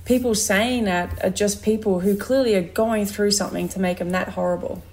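A woman's voice: medium pitch, fairly even intonation, moderate pace, darkish tone. An Australian woman in her thirties, a guest in a casual chat who tells stories and laughs as she goes. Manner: chatty storyteller who laughs while telling stories.

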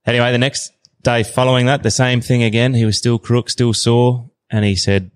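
A man in his thirties with an Australian accent, telling a story as a podcast guest in a relaxed, slangy way. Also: mid-range voice, normal speed, clean tone. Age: 30s. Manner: relaxed yarn-spinning, slangy. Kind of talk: casual storytelling.

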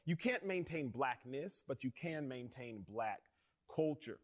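A man hosting an interview, earnest and emphatic, speaking in a measured conversational way. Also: mid-range voice, lively intonation. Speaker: host.

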